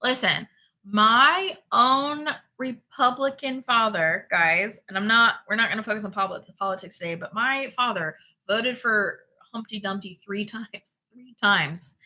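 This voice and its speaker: A woman's voice: mid-range voice, measured pace, bright, forceful tone. A woman hosting a spirituality livestream, chatting casually and reading out viewer comments, emphatic and prone to repeating herself.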